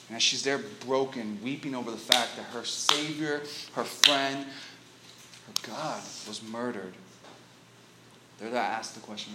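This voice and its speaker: A man preaching an interactive sermon as a youth pastor, telling the story in an animated way and quizzing his listeners. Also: mid-range voice, measured pace, heavy background noise.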